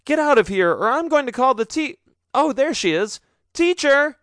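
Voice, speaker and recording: A man voicing a timid, quick-witted ten-year-old schoolboy in a children's storybook, earnest and eager. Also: high-pitched, wildly swooping pitch, a bit bright, no echo, clean studio sound, voice pushed up, full character voice.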